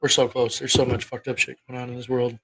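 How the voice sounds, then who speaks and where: A man's voice: mid-range voice, level tone, fast, poor audio. A man in his thirties hosting a casual livestream, rambling and cursing bluntly as he talks to his viewers. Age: 30s. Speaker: livestream host.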